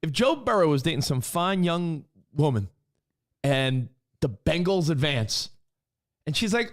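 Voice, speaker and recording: Animated ranting male sports show host. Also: on the high side, measured pace. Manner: animated ranting, profane, shouts for emphasis. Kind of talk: casual sports talk show banter.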